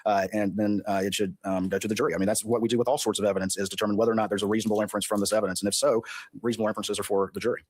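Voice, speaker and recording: Rapid, husky man arguing in court. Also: on the low side, flat delivery, no room sound. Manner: rapid, insistent persuasive delivery with long chained sentences. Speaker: prosecutor arguing before a state supreme court. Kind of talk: courtroom oral argument.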